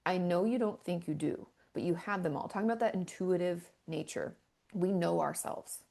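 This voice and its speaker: A woman therapist talks on an interview show with a slightly low pitch and plenty of gravelly fry in her voice. She is candid and self-deprecating, tossing in quick asides as she explains. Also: warm tone. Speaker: therapist and author guest. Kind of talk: casual conversational interview.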